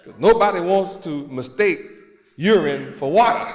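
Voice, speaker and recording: Dramatic shouting preacher in an echoey hall. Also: male voice, fairly high pitch, fairly quick, some chatter behind. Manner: dramatic, shouting and acting out scenes. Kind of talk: sermon. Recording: echoey hall with long reverb.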